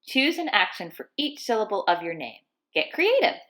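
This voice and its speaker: Animated woman cheering kids on. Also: medium pitch, a little fast. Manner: bright, encouraging. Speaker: kids class narrator. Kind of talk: upbeat instruction for children.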